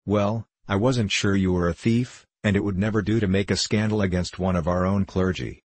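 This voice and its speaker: A gentle, vague little priest who explains things slowly and simply, with an apologetic air, as a man reads him. The voice is low and husky, recorded dry and close. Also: steady tone, no echo. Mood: calmly explaining. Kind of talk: audiobook character reading.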